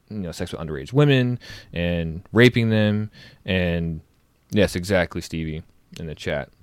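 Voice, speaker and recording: A man co-hosting a casual livestream talks through a serious topic in an earnest, rambling way, circling back and restarting his sentences. His voice sits very low, and it is recorded close and dry with no room echo. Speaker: stream co-host.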